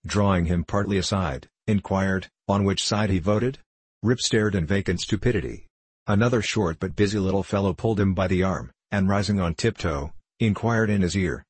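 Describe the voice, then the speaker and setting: A man reading a classic tale aloud as an audiobook narrator, in a steady, measured way. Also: deep voice, slightly rough, no room sound.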